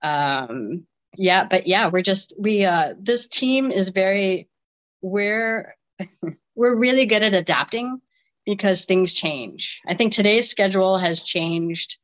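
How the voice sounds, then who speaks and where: Lively woman in her forties, telling a story. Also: medium pitch, slow pace, low-quality recording. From United States. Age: 40s. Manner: animated storyteller with frequent restarts and laughs. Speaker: interview guest, deaf national team soccer player. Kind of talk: casual interview chat.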